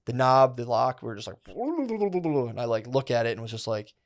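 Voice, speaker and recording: A man on a casual comedy podcast, spinning a long, rambling story with lots of swearing and filler words. His voice sits at an ordinary middle pitch and he talks in an animated, excitable way. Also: moderate pace. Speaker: podcast co-host.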